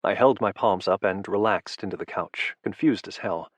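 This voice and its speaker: A man reads a first-person audiobook in a low, intimate, measured voice. His tone is husky and sits low. The sound is dry and close, with no room around it. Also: no room sound. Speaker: audiobook narrator.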